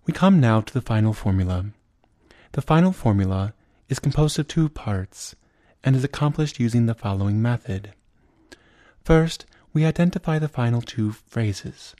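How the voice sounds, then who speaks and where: A man teaching liturgical chant, explaining each step in a measured way and then singing chanted examples. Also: mid-range voice, animated, mellow, no room sound. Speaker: chant instructor. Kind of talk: spoken lesson with sung examples.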